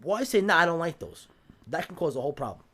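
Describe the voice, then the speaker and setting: Fairly high-pitched, very animated and slightly rough, with a fairly bright tone, his voice moves at a quick pace. He's a podcast guest with a New York accent, casually telling jail stories, cursing freely and performing the voices of the people involved.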